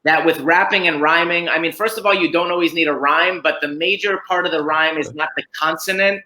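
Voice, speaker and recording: Bright-voiced easygoing rapper man. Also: a little high, steady tone, fairly quick, rough recording. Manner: easygoing, encouraging, says bro and man. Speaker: guest freestyle rapper. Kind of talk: casual chat.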